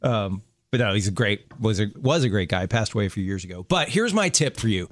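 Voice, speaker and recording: A man's voice: lowish voice, expressive, fairly quick, no room sound. A man in his fifties hosting a radio show, talking in an earnest, friendly way. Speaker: radio host. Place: radio studio.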